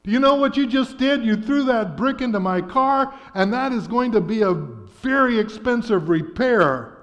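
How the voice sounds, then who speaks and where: A man voicing an angry, proud young executive who shouts in indignation, in a sermon story. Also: very high voice, lively intonation, normal speed, pitched above the performer's own voice. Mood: furious. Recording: dull sound in a reverberant church.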